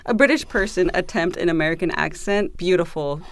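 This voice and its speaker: A woman co-hosting a casual podcast, chatty and quick to laugh. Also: fairly low pitch. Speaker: podcast co-host.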